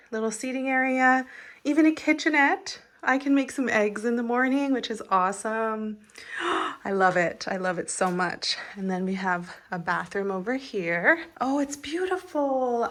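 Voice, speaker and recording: A woman's voice: a little high, fairly bright tone, no room sound, poor audio. A woman with a North American accent, narrating her solo travel vlog in a bubbly, gushing way, filmed on a handheld camera outdoors and in a motel room. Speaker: travel vlogger.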